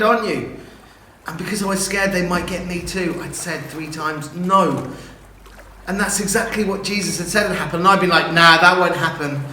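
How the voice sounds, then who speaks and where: A man plays a remorseful but excitable fisherman disciple, his voice riding high and bright. He tells his story in vivid first person, dropping to a hush and then surging with eagerness. The sound is roomy and echoey. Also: a little hiss or hum. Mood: rueful. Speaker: actor in a church assembly video. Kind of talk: first-person dramatic monologue.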